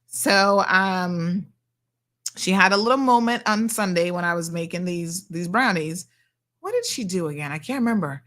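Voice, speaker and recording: A woman's voice: fairly low pitch, normal speed, a bit bright. A woman hosting a radio show from the studio, chatting casually and reading out listener messages.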